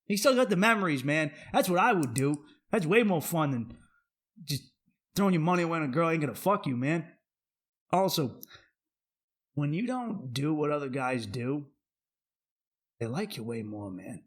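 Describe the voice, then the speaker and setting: A man hosting a comedy podcast, ranting in a brash, profane and animated way and swearing freely. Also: a little high, moderate pace, pauses often. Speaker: podcast host.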